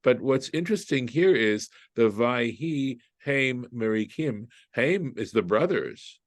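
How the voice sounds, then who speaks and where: A man's voice: medium pitch, lively intonation, slow pace, no room sound. A man, a rabbi, leading an informal Torah study class, thinking aloud, translating Hebrew phrases and often checking in with "right?". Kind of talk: informal group Bible study.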